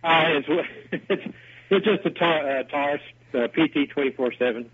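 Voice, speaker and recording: A man calling in to a radio show who answers in a hesitant, halting way. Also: on the high side, a little hiss or hum. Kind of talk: casual phone-in chat. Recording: dull lo-fi phone-in sound.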